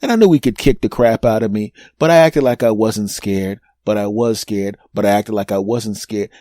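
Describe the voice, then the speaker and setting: Podcast host, man, fifties, warm mellow tone, dry close sound, rambling self-mocking storyteller. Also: on the low side, moderate pace, no echo. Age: 50s. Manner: animated, rambling, self-mocking, repeats words for emphasis. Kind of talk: comedic storytelling monologue.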